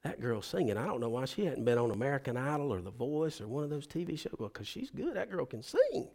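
A man preaches as a pastor. He tells a story and voices the people in it. His speech moves between quiet, low stretches and sudden loud, high bursts. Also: sing-song, fast. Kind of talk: sermon storytelling.

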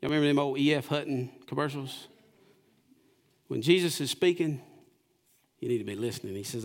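A pastor delivering a sermon in church. His voice sits a bit high for a man and swings from loud declarations to hushed, close passages. He keeps the room engaged by asking rhetorical questions. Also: lively intonation, fairly quick.

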